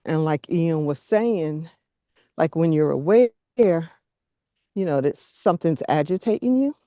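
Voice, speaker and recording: Slow, gentle woman leading a group call. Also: low-pitched, animated, dry recording, studio quality. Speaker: group facilitator. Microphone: video call.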